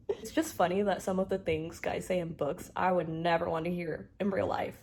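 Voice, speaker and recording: A woman's voice: lowish voice, fairly even intonation, normal speed, a little mellow, a little hiss or hum. A young woman in her twenties chatting casually about a novel she is reading, with frequent fillers and exasperated reactions. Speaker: book vlogger.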